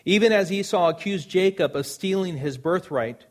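A man's voice: high voice, normal speed. A man preaching a sermon, earnest and emphatic, repeating phrases for stress.

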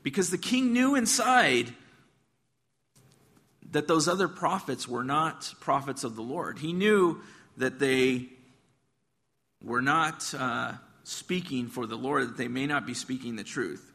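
Forceful preacher man in a reverberant hall. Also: medium pitch, measured pace, creaky. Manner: conversational and emphatic, addressing listeners directly. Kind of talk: sermon retelling a Bible passage.

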